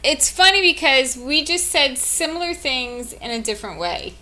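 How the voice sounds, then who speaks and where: A woman's voice: high voice, expressive, normal speed, noisy background. A woman co-hosting a gaming podcast in casual chat, talking earnestly and giving advice to listeners. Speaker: podcast co-host.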